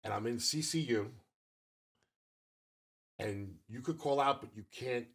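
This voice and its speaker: A man's voice: medium pitch, measured pace. A man in his fifties co-hosting a podcast, telling a long story in casual chat and swearing freely. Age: 50s. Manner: profane, rambling storyteller. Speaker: podcast co-host.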